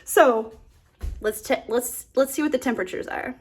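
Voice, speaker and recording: A woman's voice: high voice, brisk, darkish tone. Chatty woman soap-making vlogger. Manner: chatty, rambling with many fillers and restarts. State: a bit out of breath. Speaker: small business owner making soap. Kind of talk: casual how-to vlog.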